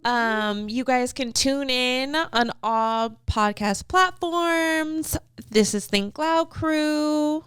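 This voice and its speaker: A young woman co-hosting a podcast, telling a family story in a casual, animated way and laughing often. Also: high-pitched, extremely slow, clean tone, no room sound. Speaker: podcast co-host.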